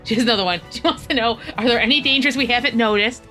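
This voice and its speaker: A woman's voice: fairly high pitch, fast, sharp tone, soft background music. A woman playing a tabletop role-playing game, talking hesitantly and playfully with fillers. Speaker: player.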